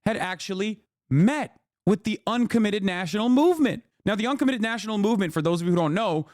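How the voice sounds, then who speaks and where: A man's voice: high voice, animated, fast talker, darkish tone, dry recording, studio quality. A man in his thirties giving blunt, profane, exasperated live reaction commentary as a political streamer.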